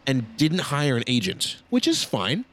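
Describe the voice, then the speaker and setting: A man's voice: mid-range voice, wildly swooping pitch, unhurried, a bit bright. A man co-hosting a casual sports chat, dry and sarcastic, often hesitating with fillers. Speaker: podcast co-host.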